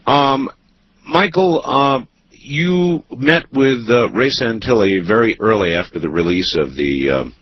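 A man hosting a radio talk show, speaking in a measured, drawn-out way with many pauses. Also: mid-range voice, expressive. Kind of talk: late-night radio talk. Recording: muffled broadcast audio with faint hiss.

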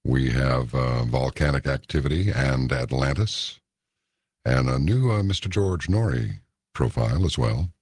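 A man hosting a late-night radio talk show, interviewing a guest in a relaxed, conversational way. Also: a bass voice, unhurried, husky, dry recording, clean studio sound.

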